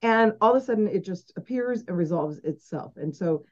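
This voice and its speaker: A woman's voice: mid-range voice, expressive, a little fast, darkish tone. A woman co-hosting a podcast, enthusiastic and agreeable, sometimes restarting her sentences. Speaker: podcast co-host. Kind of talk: casual podcast chat. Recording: dull lo-fi audio.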